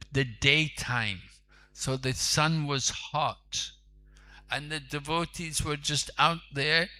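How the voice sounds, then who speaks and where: A man's voice: a little high, bright, forceful tone. A man, a monk preacher, telling a sacred story in a conversational sermon with asides.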